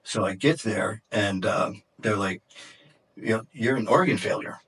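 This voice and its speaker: Low-voiced man telling his story. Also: expressive, a bit bright. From Detroit, USA. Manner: candid, halting, many fillers and restarts. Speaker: podcast guest. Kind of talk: personal storytelling in an interview.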